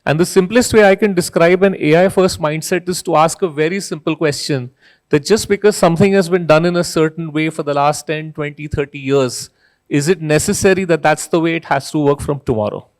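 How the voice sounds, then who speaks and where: A man's voice: fairly high pitch, a little fast. A middle-aged man giving a conference keynote, talking in a conversational way and often tagging "right?" onto his points. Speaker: keynote speaker. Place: conference hall stage.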